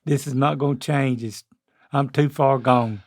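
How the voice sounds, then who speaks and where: An older man with a Southern North Carolina accent, co-hosting a casual chat in a slow, rambling way. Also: medium pitch, fairly even intonation, dry recording, clean studio sound. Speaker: co-host.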